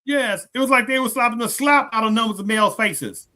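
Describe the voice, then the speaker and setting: A man's voice: very high voice, a little fast, pushed and bright, soft background music. A man hosting a rambling reaction commentary, often restarting sentences and asking "do you understand?". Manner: repeats rhetorical questions, restarts sentences often. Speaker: commentary channel host.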